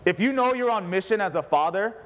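A male pastor with a notably high voice delivers a fervent sermon. His preaching is emphatic and built on repeated rallying lines, spoken in a church sanctuary. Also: lively intonation, a little fast, a bit bright. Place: church sanctuary with a responding congregation.

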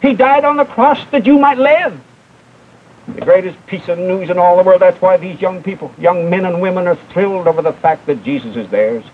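A man's voice: high voice, normal speed. A young man preaching a televised sermon with fervent, emphatic delivery, rising and falling as he drives each point home. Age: young adult. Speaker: evangelist preacher. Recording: tinny old broadcast recording with faint hiss.

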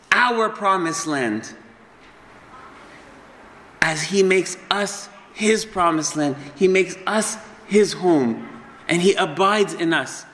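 High-voiced preacher in a reverberant hall. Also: male voice. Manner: impassioned, swings between fast bursts and slow solemn stresses. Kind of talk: sermon.

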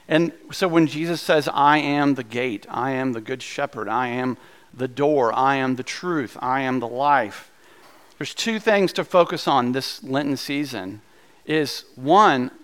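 A pastor delivering a sermon, joking and earnest by turns, his voice riding on the high side. He restarts phrases and leaps upward in pitch when he gets excited, then drops back to steady teaching. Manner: humorous, animated preaching with jokes about bread; quick asides and restarts, voice jumping higher when excited.

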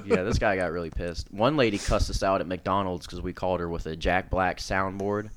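A man co-hosting a radio show, telling prank-call stories in casual chat, animated and profane, acting out both ends of each call. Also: sits low, fairly quick, slight background noise.

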